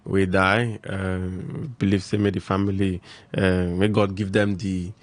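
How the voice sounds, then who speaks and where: A man's voice: sits low, level tone, a little slow, no echo. A man with a Nigerian Pidgin accent co-hosting a radio show, chatting in an easygoing way. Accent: Nigerian Pidgin English. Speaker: radio co-host and wedding MC. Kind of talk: casual Pidgin radio banter.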